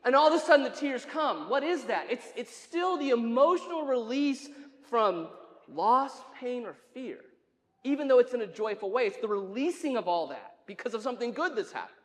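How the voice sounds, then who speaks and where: A man's voice: very high-pitched, big pitch swings, moderate pace. Guy pastor preaching, chatty, asks the room questions, lots of church echo. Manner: conversational, asks the congregation questions, wry asides. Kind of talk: sermon. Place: church sanctuary. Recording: long church reverb.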